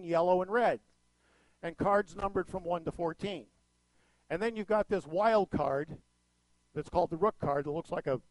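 A middle-aged male pastor delivers a folksy sermon with a high, lifted voice. He tells stories with animated swings in pitch and loudness. The sound is dry and close, with little room echo.

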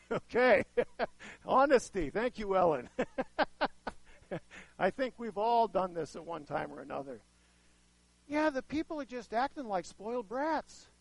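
A man preaching a sermon to a live audience, chatting with them and asking questions, with sudden swings in loudness as he acts out voices. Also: high-pitched, very animated, measured pace, creaky, long pauses, dry recording, low-quality recording. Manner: conversational, asks the audience questions; dramatic shifts in loudness, acts out quoted voices.

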